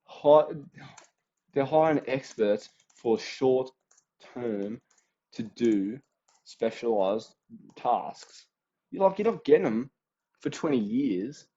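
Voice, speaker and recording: A man's voice: medium pitch, lively intonation, takes it slowly, long pauses, warm tone, highs cut off. A young Australian man in his late teens giving a casual, slangy exam revision rundown, acting out little quoted voices as he goes.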